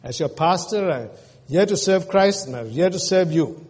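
Earnest pastor preaching in a reverberant church. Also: male voice, sits high, lively intonation, normal speed, a little mellow, husky. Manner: earnest, emotional preaching with rhetorical questions to the congregation. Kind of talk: sermon. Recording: long reverb in a church hall.

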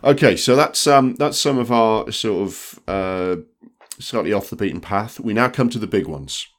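A man's voice: lowish voice, animated, normal speed, soft background music. A man co-hosting a film podcast, talking bluntly and swearing, with many restarts. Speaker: podcast co-host. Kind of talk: casual film chat.

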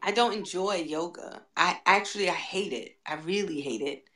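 A young adult woman co-hosting a podcast, telling stories in an animated way and laughing often. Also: fairly low pitch, normal speed. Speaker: podcast co-host. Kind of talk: casual chat.

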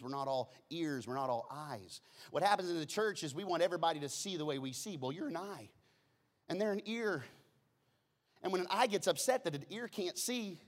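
Animated high-voiced preaching man. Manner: animated storytelling, acting out quoted voices, swings from hushed to loud; repeats words when starting phrases. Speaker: pastor. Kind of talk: sermon.

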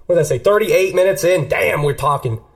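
A man's voice: fairly high pitch, expressive, brisk. A man hosting a casual podcast, introducing songs in a loose, profane, hyped-up way. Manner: loose and profane, hyping up music. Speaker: podcast host.

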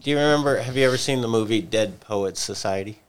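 A man's voice: mid-range voice, fast talker, clear, resonant tone. A man co-hosting a church discussion podcast, retelling a story in a thoughtful way and circling back to repeated questions. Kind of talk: reflective faith discussion.

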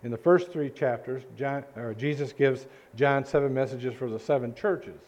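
A male pastor preaching a sermon in a church, earnest and halting, with frequent restarts. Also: mid-range voice, a little mellow. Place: church sanctuary.

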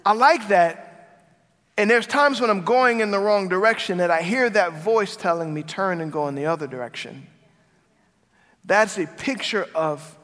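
A man's voice: sits high, fairly bright tone. A male pastor preaching a sermon, emphatic and repeating his key phrases. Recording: long reverb of a large hall.

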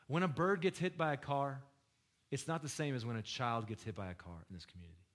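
A man's voice: medium pitch, quick pace, a bit bright. A man preaching a sermon in a conversational style, joking with the congregation and asking them questions. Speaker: pastor.

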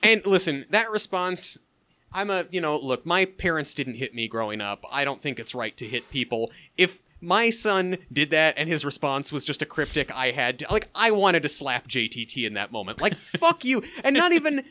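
A man co-hosting a podcast, recapping a film in casual, jokey chat with lively asides. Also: a little high. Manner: animated, jokey, quick asides with laughs. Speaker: podcast co-host reviewing a film.

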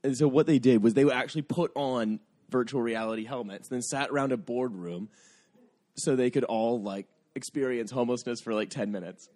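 Mellow-voiced man rambling in podcast chat. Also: medium pitch, fairly quick. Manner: rambling, lots of "like" fillers. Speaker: podcast host. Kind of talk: casual comedic chat.

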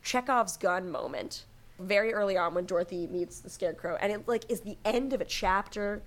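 A woman co-hosting a casual book podcast, joking and acting out characters in quick little voices. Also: medium pitch. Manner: animated, jokey, acts out characters in quick voices. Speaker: podcast co-host. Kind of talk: casual book-discussion chat.

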